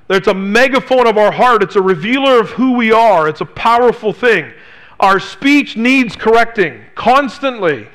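A male pastor preaching a sermon, emphatic, asking his listeners rhetorical questions and dropping to a hushed voice on key phrases. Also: sits high.

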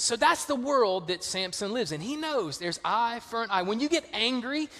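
A man with a Southern US accent preaching a sermon, telling stories in a casual, lively way. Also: high-pitched, in a large hall. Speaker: pastor.

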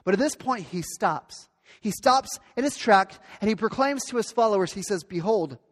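A man's voice: high voice, animated, moderate pace. A male pastor giving an earnest, emphatic sermon that repeats its key points. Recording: long hall reverb.

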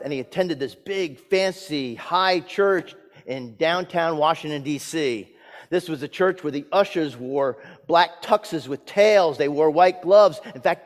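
A man preaching a sermon as pastor, reading scripture, praying and telling stories with dramatic swings in loudness and pitch. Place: church sanctuary. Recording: long hall reverb.

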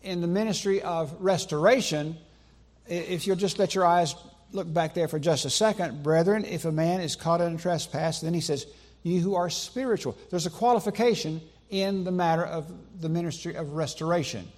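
A man preaching a sermon in a church sanctuary, emphatic, with slow deliberate pauses and repetition for stress. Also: on the high side, a little mellow. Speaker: pastor.

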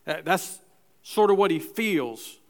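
Conversational male preacher, slightly high voice. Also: expressive, slow pace. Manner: conversational preaching with restarts and acted asides. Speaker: pastor. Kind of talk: sermon. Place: church.

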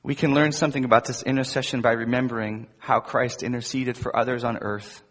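A male pastor delivers a sermon with emphatic force, dropping at times to hushed, intimate asides. His voice is slightly husky, and it rings out with a long reverb in a large hall. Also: medium pitch, fairly even intonation, a little fast. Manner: emphatic preaching with wide swings between loud emphasis and soft asides.

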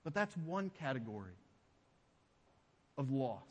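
A man preaching a sermon as pastor. He speaks emphatically and drops to a hushed low voice on key phrases. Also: sing-song, slow, big-room sound. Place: church sanctuary.

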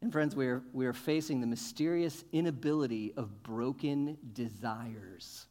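A man's voice: medium pitch, normal speed. Man preaching with emphatic peaks. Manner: rises to emphatic, loud peaks, asks the congregation questions. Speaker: pastor. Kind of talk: sermon.

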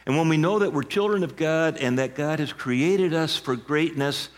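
A man in his sixties, a pastor of many years, preaching a sermon and telling stories with emphatic, shouted punchlines. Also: a little high, moderate pace. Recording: long hall reverb.

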